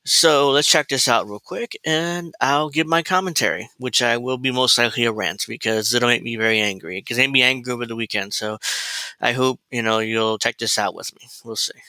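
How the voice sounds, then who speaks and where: A man ranting angrily about politics, swearing freely and circling back over the same points. His voice is very bright and tense, recorded dry and close with no room sound. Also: mid-range voice, a little fast, clean tone, no room sound, rough recording. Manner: heated, profane, repetitive. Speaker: political commentator. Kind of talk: angry political rant.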